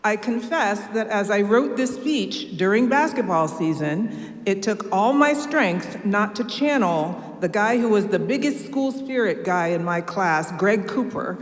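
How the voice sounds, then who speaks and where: A woman from Ohio giving a measured, earnest keynote speech from a church podium. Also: medium pitch, animated. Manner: measured, earnest public speaking. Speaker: keynote speaker. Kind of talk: formal speech. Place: large church sanctuary. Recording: echoey hall with long reverb.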